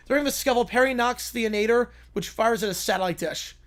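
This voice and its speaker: A man hosting a live stream who reads out stories and reacts with excitement and laughter. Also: very high voice, fast, hardly any pauses. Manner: animated, laughing. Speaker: streamer host.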